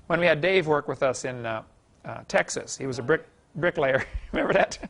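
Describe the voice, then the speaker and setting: A man's voice: fairly high pitch, fairly quick, vocal fry, fairly bright tone. A man giving a folksy classroom lecture, telling anecdotes with chuckles and many "you know"s.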